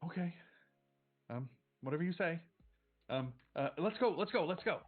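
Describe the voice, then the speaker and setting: A man voicing an eager seven-year-old boy in a tabletop game, with an excited, pleading manner. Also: mid-range voice, normal speed, vocal fry, narrow, tinny audio, soft background music. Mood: sly grin.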